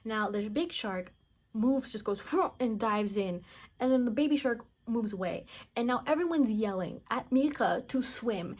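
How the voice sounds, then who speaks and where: A woman with a fairly high voice rambles through a casual movie recap. She fills her sentences with "like" and drops blunt, mocking asides about the characters. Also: lively intonation, a little slow, a little mellow. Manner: rambling, chatty, heavy use of "like", acts out characters' lines. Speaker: movie reviewer.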